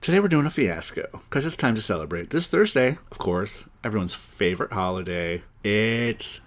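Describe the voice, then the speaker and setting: A man hosting a comedy podcast with playful, jokey deadpan banter. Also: on the low side, a little fast. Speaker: podcast host.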